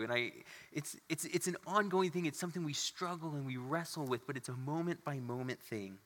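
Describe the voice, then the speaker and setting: Earnest pastor preaching in a reverberant church. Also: male voice, fairly high pitch, a little fast, few pauses, fairly bright tone. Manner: earnest and conversational, with asides to the congregation. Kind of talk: sermon. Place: church sanctuary. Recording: long hall reverb.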